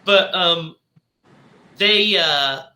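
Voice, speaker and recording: Man, podcast host, rambling film recap, bright edgy tone, echoey room. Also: high-pitched, drawn-out words. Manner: rambling recap, acting out quotes and laughing. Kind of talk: casual film discussion.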